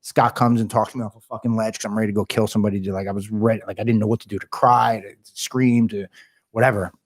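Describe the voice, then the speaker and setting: A man telling a story as a podcast guest, loud, slangy and full of swearing. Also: lowish voice, level tone, quick pace, no room sound. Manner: loud, heavily profane, fired-up storytelling; slangy, calls listeners bro and dude. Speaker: podcast guest, realty company head. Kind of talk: casual storytelling chat.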